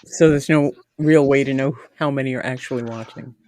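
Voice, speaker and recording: A woman's voice: extremely low pitch, steady tone, fairly quick, a little mellow, no room sound. A woman making wry remarks in a casual panel chat. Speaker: panel guest.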